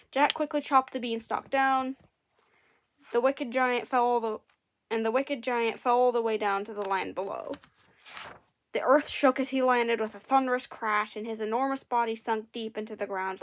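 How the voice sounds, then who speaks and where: A woman reading a fairy tale aloud and adding dry, amused comments between passages. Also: a little high. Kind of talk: comedic story reading with wry asides.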